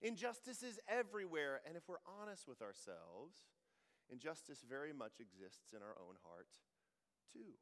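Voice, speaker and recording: A man's voice: fairly high pitch, very animated, normal speed, fairly bright tone, in a large hall. A man preaching a sermon as a pastor, conversational and joking in asides.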